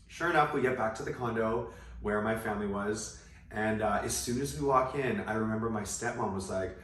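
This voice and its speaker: The voice is on the low side with a fairly bright tone, captured away from the mic amid roomy echo. A young man vlogs about his own experience, chatty and peppered with likes and asides.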